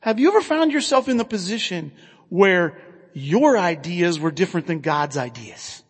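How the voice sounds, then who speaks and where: A man with a high voice preaches a sermon, earnest and conversational, asking his listeners questions as he goes. His voice rings out with a long reverb, as if filling a large hall. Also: very animated, normal speed, breathy edge. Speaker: pastor.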